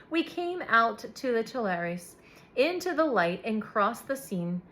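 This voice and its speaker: Woman audiobook reader, lively pitch, measured expressive narration. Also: low-quality recording.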